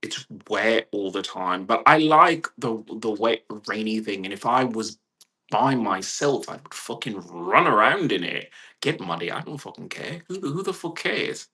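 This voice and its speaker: A man's voice: on the low side, measured pace, breathy edge. A man in a casual home vlog, ranting with lots of swearing and acting out quoted voices. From California. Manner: profane, rambling, animated quoted voices. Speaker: vlogger. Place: indoors at home with a puppy.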